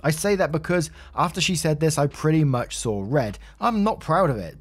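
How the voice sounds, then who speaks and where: A man's voice: a little high, husky. A man narrating a Reddit story in a conversational way, adding his own asides.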